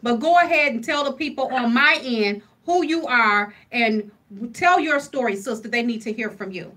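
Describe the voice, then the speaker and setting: Woman host, high bright voice, energetic and uplifting. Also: moderate pace. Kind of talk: live stream talk show.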